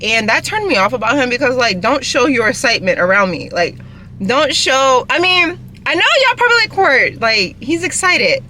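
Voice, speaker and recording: Young woman, casual vlog rambling, talking while eating, bright tone, in a car. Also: on the high side, a little hiss or hum. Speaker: vlogger. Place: inside a parked car.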